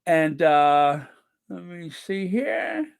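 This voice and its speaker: A man hosting a casual livestream, reading viewer comments aloud slowly and chuckling between them. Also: high-pitched, very animated, creaky, smooth, dry recording. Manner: slow and chatty, reads comments aloud with frequent "let me see" and chuckles. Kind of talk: casual live-chat commentary.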